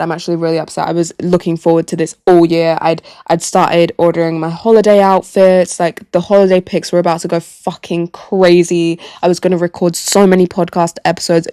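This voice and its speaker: A young woman hosts her solo podcast, rambling and poking fun at herself. Her lowish voice is gravelly and hoarse from a sore throat. The sound is close and dry on a podcast mic. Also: a little mellow, no room sound. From Gambia. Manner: chatty, self-mocking, rambling. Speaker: podcast host. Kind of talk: casual solo chat. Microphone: podcast microphone.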